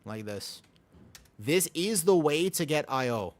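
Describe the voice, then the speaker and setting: A man's voice: fairly high pitch, animated, normal speed. A man live-streaming a video game, chatting casually with viewers and friends and explaining his point with emphatic repetition and the odd swear. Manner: talks to chat and friends while teaching.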